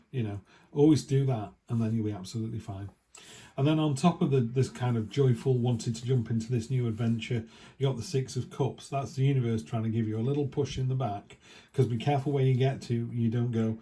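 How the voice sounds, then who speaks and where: A man's voice: medium pitch, brisk, warm tone. A man giving a casual tarot reading, chatty and rambling with lots of asides. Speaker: tarot reader.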